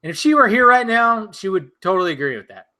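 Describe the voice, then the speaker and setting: A man's voice: high-pitched, very animated, fast, bright, forceful tone. A man hosting a casual drinking stream, rambling, swearing and laughing while he has the hiccups. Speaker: channel host.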